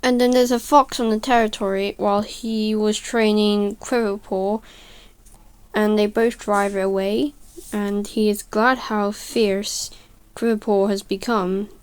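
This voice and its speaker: A woman narrates her speedpaint in a relaxed, tired way, with a smooth and clear voice. She speaks slowly and haltingly, with frequent stutters. She often breaks off to correct herself. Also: mid-range voice. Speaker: video creator narrating a speedpaint. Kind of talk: casual voice-over storytelling.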